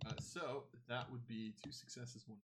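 A man's voice: medium pitch, fairly even intonation, normal speed, a bit bright. A man narrating a tabletop game as game master, casual and full of fillers.

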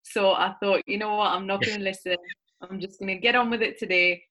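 A woman's voice: mid-range voice, fairly even intonation, quick pace, sharp tone. A woman, a podcast guest telling rambling, enthusiastic stories. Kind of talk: casual chat.

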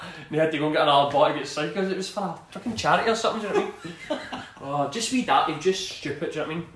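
A man's voice: fairly high pitch, very fast, fairly bright tone, reverberant, slight background noise. A Scottish man in his thirties, a former footballer, telling rambling stories in a casual interview and laughing often. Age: 30s. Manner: rambling, laughs often, says "do you know what I mean". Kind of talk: casual storytelling.

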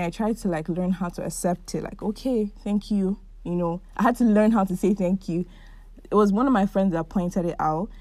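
On her own podcast, a woman in her twenties shares her feelings in a chatty, heartfelt solo talk, using "like" frequently. Her voice is mid-range and the recording has no room sound.

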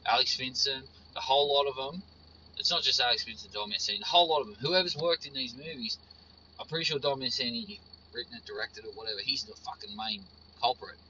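A man's voice: mid-range voice, quick pace, pushed and bright, highs cut off, slight background noise. A man ranting casually as a frustrated horror fan, swearing often and repeating his points. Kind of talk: casual profane rant.

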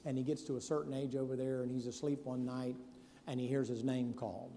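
A preacher with a mellow, dark voice, telling Bible stories in a folksy, conversational way. His sermon rings with the long reverb of a big hall, with faint room ambience underneath. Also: mid-range voice, level tone, brisk, slight background noise. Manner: folksy storytelling preacher, acts out Bible scenes in casual voices. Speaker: pastor.

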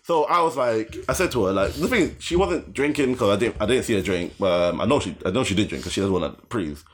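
A man's voice: fairly low pitch, lively intonation, quick pace, a little hiss or hum. A young man telling a long story in casual podcast chat. He rambles, swears, laughs often and acts out the voices in his story.

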